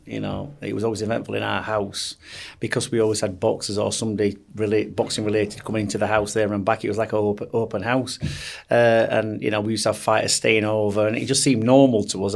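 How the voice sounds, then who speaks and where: Gravelly man telling stories. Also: fairly low pitch. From Sheffield, England. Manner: rambling anecdotes with many restarts. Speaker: boxing coach, guest. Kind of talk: casual storytelling interview.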